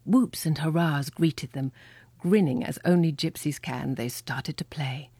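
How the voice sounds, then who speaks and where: A woman reading a children's storybook aloud with lively, expressive storytelling. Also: sits low, unhurried, slightly rough, dry recording. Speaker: reader. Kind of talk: storybook read-aloud narration.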